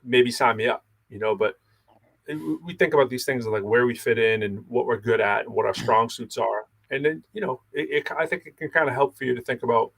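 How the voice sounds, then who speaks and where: Gravelly-voiced man musing casually. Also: mid-range voice, brisk, a bit bright. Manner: slangy, rambling, heavy on "you know"; thinks aloud with restarts and asides. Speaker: podcast co-host. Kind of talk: casual reflective talk.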